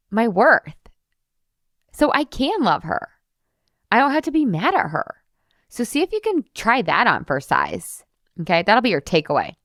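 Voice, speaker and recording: A woman's voice: medium pitch, a bit bright, dry recording, clean studio sound. Chatty woman in her thirties, podcast host. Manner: chatty, heavy use of "like", casual swearing. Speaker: podcast host and weight loss coach. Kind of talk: casual solo podcast talk.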